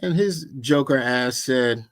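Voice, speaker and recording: Animated preaching man, mocking tone. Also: mid-range voice, takes it slowly. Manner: animated, mocking, mimics others' voices. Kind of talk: informal sermon with storytelling.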